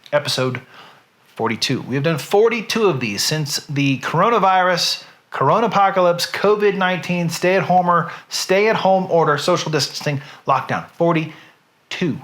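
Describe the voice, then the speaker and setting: A middle-aged man with a Southern US accent, hosting from home, reading a poem slowly with drawn-out line endings and then chatting casually. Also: on the high side, a bit bright. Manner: slow, drawn-out recital with falling line ends. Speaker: host. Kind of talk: dramatic poetry reading, then casual chat.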